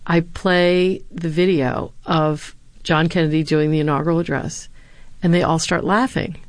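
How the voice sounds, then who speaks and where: Female former speechwriter and lecturer, low-pitched, earnest storyteller, dry studio sound. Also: steady tone, moderate pace, no room sound. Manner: earnest, anecdotal, with some fillers. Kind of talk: interview answers, storytelling.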